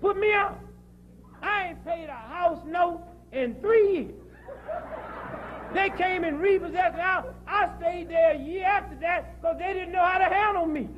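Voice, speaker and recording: A man's voice: extremely high pitch, measured pace, lo-fi sound, some chatter behind, slight background noise. A man giving a joking, preachy talk to a live audience, telling stories from his own life. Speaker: speaker. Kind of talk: comic health lecture to an audience.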